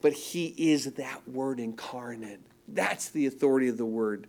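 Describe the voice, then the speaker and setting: A man preaching a sermon with emphatic delivery, swinging between loud declarations and hushed, tender passages, often repeating words as he restarts. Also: medium pitch, moderate pace. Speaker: pastor.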